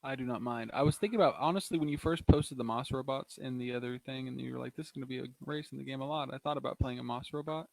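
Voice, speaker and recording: A man's voice: medium pitch, fast talker, gravelly, few pauses, darkish tone, no room sound, low-quality recording. A talkative man joking around with friends before a tabletop game. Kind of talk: casual chat among friends.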